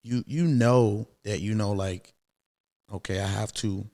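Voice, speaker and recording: Low gravelly-voiced man telling a story. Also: a little slow. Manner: animated, acts out quoted voices, many fillers. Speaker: podcast guest. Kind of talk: casual personal storytelling.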